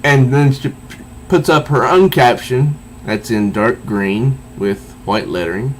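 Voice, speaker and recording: A man with a medium-pitched voice casually reviews a comic book on a low-quality recording with slight background noise. He reads the panel dialogue aloud in a flat voice, haltingly and with frequent restarts, and chuckles a little at the jokes.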